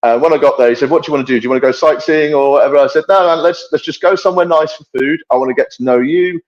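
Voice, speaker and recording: A man on a podcast as a guest correspondent, telling travel stories in a blunt, sweary, lively way over a remote audio setup. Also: fairly high pitch, racing, dull audio. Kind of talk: casual podcast storytelling.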